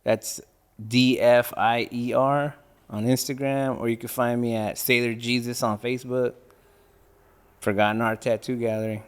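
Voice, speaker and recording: A man's voice: mid-range voice, flat delivery, moderate pace, clear, resonant tone. A man who works as a tattoo artist, a guest on a podcast, chatting casually with laid-back crude jokes. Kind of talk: casual chat.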